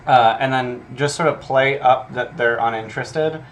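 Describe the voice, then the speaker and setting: A man with a mid-range voice, speaking at a moderate pace, is a game master prepping a tabletop adventure. He reads his notes aloud and thinks out loud, swearing and saying um a lot, with a little hiss or hum in the background.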